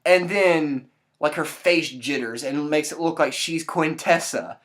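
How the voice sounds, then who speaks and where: A woman's voice: deep voice, moderate pace. A woman giving a casual spoken movie review, ranting in exasperation with exclamatory asides.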